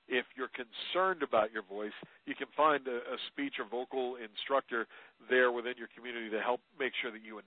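A man explains media skills in a relaxed, advisory way, repeating his key points for emphasis. His voice comes through a tinny, narrow phone line. The sound is close and dry. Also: mid-range voice, no room sound. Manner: conversational, advisory, emphatic repetition. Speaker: media trainer guest. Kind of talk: teleconference interview answers.

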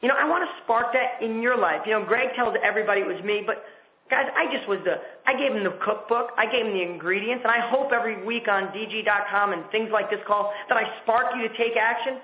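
A man hosting a coaching call, giving a fast, enthusiastic motivational sales pitch over the phone. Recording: tinny phone line with echo.

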